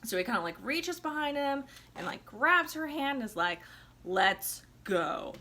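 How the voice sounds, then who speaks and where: A woman's voice: high voice, sing-song, moderate pace, bright, forceful tone. A tipsy woman vlogger retelling an opera plot in a chatty, slangy way with sarcastic asides. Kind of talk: casual comic retelling.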